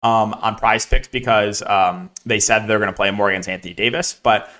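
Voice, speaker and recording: A man's voice: fairly low pitch, fairly even intonation, sharp tone. A young man giving a casual solo podcast breakdown of fantasy sports picks, rattling through names and numbers with lots of ums and likes. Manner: rapid, filler-heavy, lists names and numbers.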